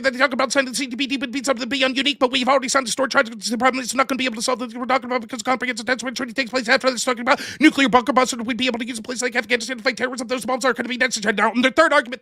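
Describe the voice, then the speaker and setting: A man's voice: extremely high pitch, no echo, studio quality, exaggerated voice. A man imitating a male competitive debater who speed-reads his arguments. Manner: speed-reading arguments in a rushed monotone.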